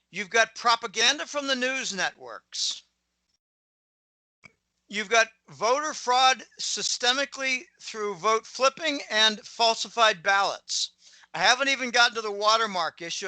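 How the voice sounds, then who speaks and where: A middle-aged man from Pittsburgh with a plain American accent, talking as a guest commentator in a rambling, opinionated way and often clearing his throat. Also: high voice, pushed and bright, no room sound, poor audio. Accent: General American, lost his Pittsburgh accent. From Pittsburgh, USA. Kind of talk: casual interview monologue.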